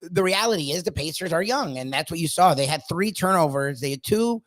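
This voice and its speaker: A man's voice: fairly high pitch, animated, fairly quick, fairly bright tone, no echo. A man co-hosting a sports talk show, ranting emphatically and swearing often. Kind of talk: casual sports talk with a co-host.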